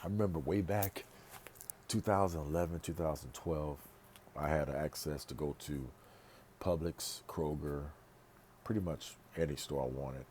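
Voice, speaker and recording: Super deep voiced guy vlogging at home, rambly and emphatic, says stuff over and over, slight background hiss. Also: a little slow, a little mellow. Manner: emphatic, repeats phrases for stress; rambling, with restarts and asides. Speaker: pastor and vlogger. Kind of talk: casual monologue vlog.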